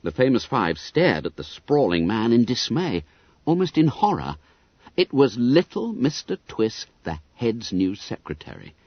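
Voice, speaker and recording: A man narrating an audiobook in an expressive, lively storytelling manner. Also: mid-range voice, a little slow, slightly rough, dry recording. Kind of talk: scripted narration. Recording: dull, dry audiobook recording.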